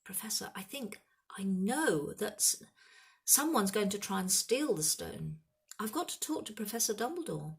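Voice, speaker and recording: A woman's voice: mid-range voice, expressive, normal speed, voice pushed up, close to an everyday voice. A woman voicing a bold eleven-year-old boy wizard in a storybook reading, talking urgently and intensely.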